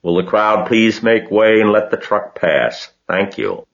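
Man doing a pompous fair loudspeaker announcer. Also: lowish voice, steady tone, unhurried, vocal fry, muffled recording, voice pushed up.

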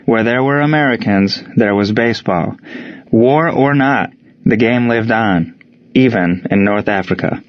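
A male audiobook narrator with a lowish voice reads scripted narration from a book in a measured, even storytelling manner. The recording is slightly dull and lo-fi.

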